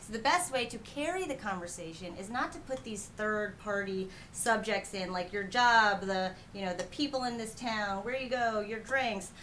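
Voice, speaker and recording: A woman's voice: mid-range voice, normal speed, hardly any pauses, a bit bright, a little hiss or hum. A woman from New Jersey with a Jersey accent, a dating coach guest giving candid, blunt advice in a casual chat.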